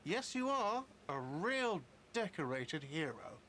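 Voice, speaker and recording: Sneering cafeteria manager. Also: male voice, on the high side, very animated, slow pace, sharp tone, full character voice, low-quality recording. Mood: sarcastic. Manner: sneering sarcasm. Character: sarcastic male cafeteria manager in a game.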